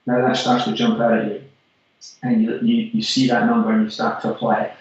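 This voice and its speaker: A man's voice: medium pitch, completely flat delivery, brisk. A Scottish man and regular segment host giving an emphatic motivational monologue about fitness business, repeating key phrases for punch. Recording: very echoey, distant, dull-sounding room.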